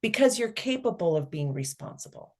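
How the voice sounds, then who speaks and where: A woman's voice: on the low side, big pitch swings, brisk, darkish tone. A middle-aged woman, a guest on an interview podcast, telling a family story and acting out the dialogue.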